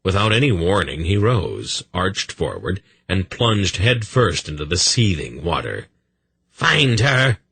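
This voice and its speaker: A man's voice: low voice, sing-song, a little slow, creaky, few pauses, fairly bright tone. A man narrating an audiobook with intense, dramatic storytelling.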